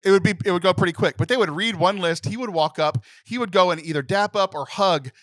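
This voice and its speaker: A man's voice: sits high, fast talker, fairly bright tone, no room sound. A young man co-hosting a podcast in casual chat, emotional and close to tears, rambling with many restarts. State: tearful. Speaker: podcast co-host.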